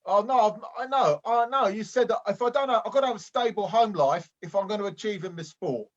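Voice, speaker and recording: A man's voice: sits high, fast talker, lo-fi sound, natural voice. A man playing a rambling, lonely amateur boxer. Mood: earnest. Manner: hesitant and rambling, full of restarts. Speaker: improv performer. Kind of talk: improvised comedy sketch.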